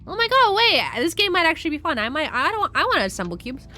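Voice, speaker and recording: A young woman streamer reacting to a video in casual commentary, excitable, swearing and exclaiming loudly. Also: very high-pitched, quick pace, soft background music.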